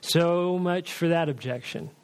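A male preacher retelling a story in a sermon, lively and acting out the dialogue. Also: fairly high pitch, measured pace, clean tone.

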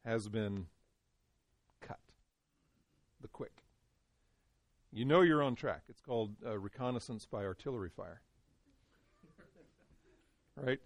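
A man leads a Bible study in a relaxed, conversational tone and keeps asking his group questions. His voice sits at a middling pitch. The recording is dry, with no room sound. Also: unhurried, pauses often, no echo. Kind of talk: interactive Bible teaching to a small group.

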